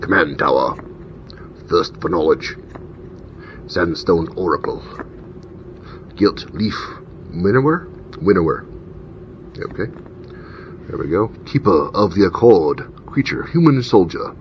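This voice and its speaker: A man with a very deep voice chats casually while reading card names and rules text aloud. The recording sounds dull and lo-fi, with a faint rumble behind him. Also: animated, measured pace, pauses often. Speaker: channel host opening card packs. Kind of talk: casual unboxing commentary.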